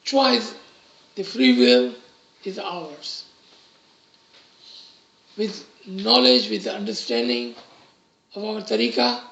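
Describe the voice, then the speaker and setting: A man giving a religious lesson in slow, measured, deliberate phrases. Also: high voice, vocal fry, a bit bright. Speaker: religious teacher. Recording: roomy, echoey recording.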